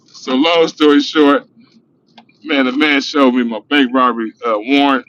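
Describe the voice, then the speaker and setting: A man's voice: medium pitch, normal speed, long pauses, a bit bright, lo-fi sound. A middle-aged man livestreaming from his car, telling loose, profane stories and laughing as he talks. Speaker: livestream host. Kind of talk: casual storytelling livestream. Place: in a car while driving.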